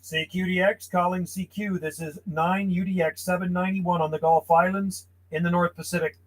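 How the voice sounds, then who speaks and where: A man's voice: sits high, little pitch movement, normal speed, rough recording. A man, a friendly and chatty CB radio operator calling out call signs from his home radio room. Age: 50s. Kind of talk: casual radio calls and chat.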